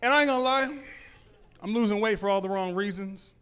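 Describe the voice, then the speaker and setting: A man with a fairly high, smooth, clear voice works a comedy club crowd, his talk loose and rambling with stammered restarts. He is miked on stage and sounds clean and close. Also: a little fast, fairly bright tone. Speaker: stand-up comedian. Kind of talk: stand-up set before a live audience.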